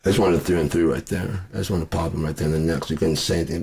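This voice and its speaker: A man ranting angrily to camera, swearing constantly and breaking into shouts. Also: sits low, fairly even intonation, very fast, gravelly. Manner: profane and furious, shouting at times. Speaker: vlogger. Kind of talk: angry political rant.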